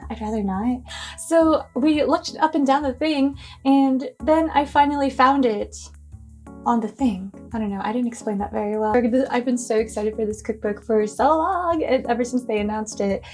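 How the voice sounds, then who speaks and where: Young woman vlogger, high bright-toned voice, gushing and giddy, soft music under her talk. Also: normal speed. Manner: bubbly, gushing, squealing with delight. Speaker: cooking vlogger. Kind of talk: casual excited vlog chat.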